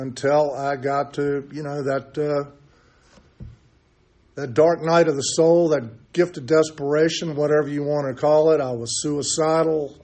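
Somewhat high-voiced with a darkish tone, an older man tells his recovery story at a meeting. It's candid and self-mocking, loosely told with plenty of ums and restarts.

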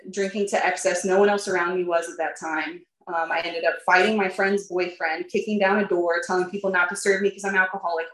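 A woman's voice: mid-range voice, fairly bright tone. A woman candidly telling her recovery story to a group, chatty and full of fillers, laughing at herself now and then. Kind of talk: personal recovery testimony to a group. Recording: roomy echo.

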